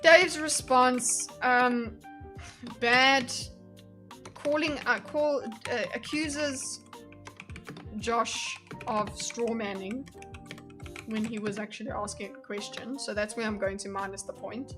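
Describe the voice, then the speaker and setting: A woman's voice: fairly high pitch, steady tone, takes it slowly, music in the background. A woman streamer giving casual live commentary in a blunt, exasperated, sarcastic way.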